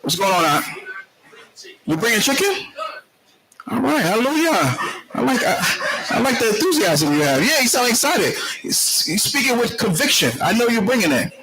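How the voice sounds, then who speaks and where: A man's voice: high voice, big pitch swings, brisk, few pauses, noisy background. A man leading a congregation class, casually calling on members one by one in a jovial, teasing way and often saying hallelujah. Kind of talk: casual roll call with a congregation. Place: indoor congregation meeting room. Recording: congregation chatter in the room. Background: congregation voices.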